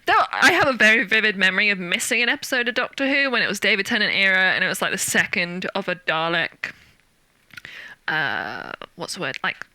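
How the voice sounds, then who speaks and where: Young british woman, very bright voice, dry close sound, animated storytelling. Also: a little fast, no echo. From Britain. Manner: animated storyteller, acts out quotes with big jumps in pitch. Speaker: guest actor. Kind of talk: casual interview chat.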